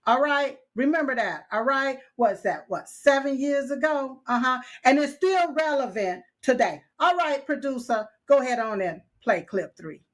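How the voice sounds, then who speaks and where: A woman with a high voice co-hosts a political talk show. She walks viewers through events step by step and echoes her partner's words. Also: animated, normal speed, hardly any pauses. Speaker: co-host. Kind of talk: political commentary chat.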